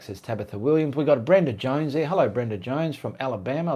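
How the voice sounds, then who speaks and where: A man's voice: on the low side, moderate pace, mellow. Chatty Australian man reading viewer comments. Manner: reads viewer comments aloud, chatty, rambling. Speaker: artist hosting a live Q&A. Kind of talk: casual live-stream chat.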